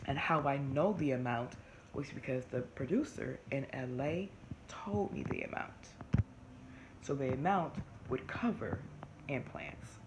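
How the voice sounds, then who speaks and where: A woman, chatting animatedly to camera and often restarting her sentences. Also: very deep voice. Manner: animated, talks fast with many restarts. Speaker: vlogger. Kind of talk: casual chat to camera. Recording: noisy home recording.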